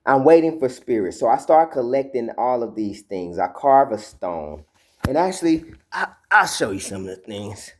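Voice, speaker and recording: A man's voice: medium pitch, moderate pace. A man casually telling a personal spiritual story, rambling with many fillers and repeated words, acting out quotes as he goes. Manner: retells quotes in a lively animated way.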